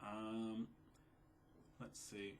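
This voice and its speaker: A quiet, low-key young man in casual chat, reading out and answering viewer questions. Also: completely flat delivery, extremely slow, a little hiss or hum. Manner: quiet, low-key, self-described mellow and sleepy.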